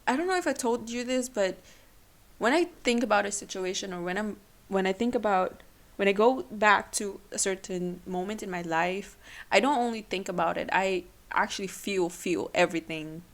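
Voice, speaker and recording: A young woman hosting her own podcast, talking emotionally and haltingly, tearful at times. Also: mid-range voice. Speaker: podcast host. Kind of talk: personal solo podcast.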